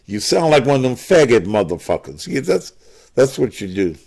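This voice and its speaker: A man's voice: medium pitch, sing-song, moderate pace, creaky, darkish tone, slightly rough. A man hosting a call-in show as a pastor, combative and profane, lecturing callers.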